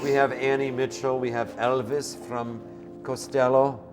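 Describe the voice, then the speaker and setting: A man from Minnesota hosting a comic talk show, lively and talkative, joking and drifting off topic. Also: mid-range voice, a little slow, over loud music. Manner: lively, talkative, jokey, digresses.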